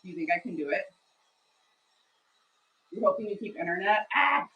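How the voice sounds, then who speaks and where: A woman hosts a live craft-selling stream from home, chatting upbeat with her viewers while she works. Her voice sits a bit low and carries a tired edge. She stands back from the mic in an echoey room. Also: normal speed, a bit bright, far from the mic, lo-fi sound. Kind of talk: casual livestream chat while painting.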